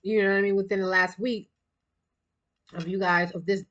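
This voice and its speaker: A woman's voice: medium pitch, flat delivery, fairly bright tone, dull audio. A woman giving a casual spiritual card reading, chatty and rambling, and a little out of breath. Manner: chatty, rambling, quick bursts of laughter. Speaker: tarot card reader.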